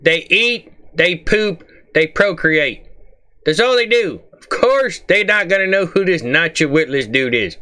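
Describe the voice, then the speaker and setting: Man, comic reaction host, folksy grumbling, bright, crisp voice. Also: on the high side, animated, measured pace. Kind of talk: rambling comic reaction commentary.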